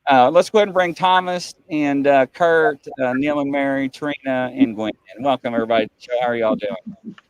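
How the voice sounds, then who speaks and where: A male show host telling a camping story in an animated, excitable way, laughing as he goes, on a video call. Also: medium pitch, a little fast, smooth, no room sound.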